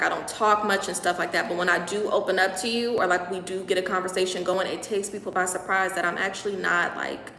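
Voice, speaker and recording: A woman's voice: fairly low pitch, gravelly, sharp tone, slight background noise. A young woman hosting a casual livestream, chatting at length and reading out and answering viewers' comments. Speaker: livestream host. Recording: echoey room with long reverb.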